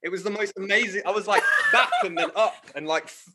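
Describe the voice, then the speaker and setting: A man in a musical theatre cast telling backstage stories in casual chat, animated and laughing often. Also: high-pitched, fast talker, heavy background noise.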